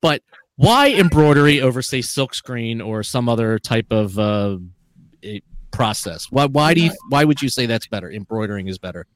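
A man's voice: mid-range voice, animated, no room sound, low-quality recording. A man co-hosting an interview, asking questions and tossing in jokes. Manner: joking, quick asides. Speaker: podcast co-host. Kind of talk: casual interview chat.

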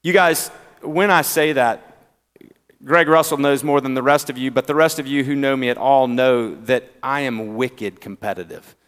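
A man with a Southern accent preaching a sermon, drawing out key words with pauses and swinging between loud emphasis and hushed tones. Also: mid-range voice, clear, resonant tone. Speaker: pastor. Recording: long hall reverb.

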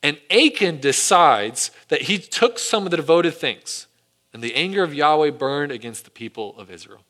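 A male preacher delivers a sermon in a bright, ringing voice, pitched a bit high for a man. He tells the story with animation and slips into acted quotes. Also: lively intonation, moderate pace. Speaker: pastor.

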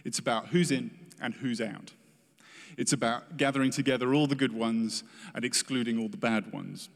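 A man's voice: mid-range voice, moderate pace, creaky. Earnest male preacher in a reverberant hall. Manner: earnest, emphatic, acts out quoted prayers. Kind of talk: sermon.

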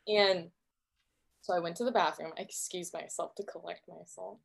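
A young adult woman, a podcast guest, telling personal stories in a lively way, swearing freely and laughing as she talks. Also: fairly low pitch, normal speed, vocal fry, husky. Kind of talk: casual storytelling interview.

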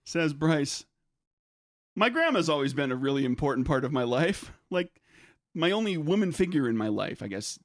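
Halting, animated male podcast co-host. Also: fairly high pitch, no echo, clean studio sound. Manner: rambling, halting storyteller with many restarts. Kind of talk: casual comedic chat.

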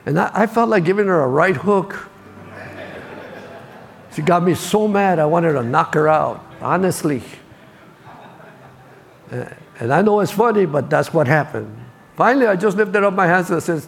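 Gravelly older man preaching. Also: sits high, lively intonation, normal speed, pauses often, a little hiss or hum. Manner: storytelling, repeats key lines for emphasis. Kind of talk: sermon.

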